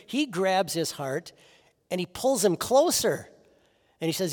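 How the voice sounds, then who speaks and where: A man preaching a sermon as pastor, earnest, often restarting his phrases and letting his voice drop softly at the ends of lines. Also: high-pitched, sing-song, moderate pace, long reverb tail.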